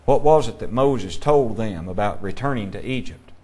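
A man's voice: lowish voice, animated, moderate pace, a little mellow, slightly rough. A man teaching a Bible class, asking his students questions and reading scripture aloud.

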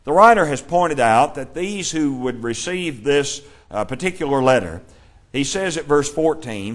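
Man teaching a measured Bible class. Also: fairly high pitch, expressive. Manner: measured, explanatory, reads scripture aloud.

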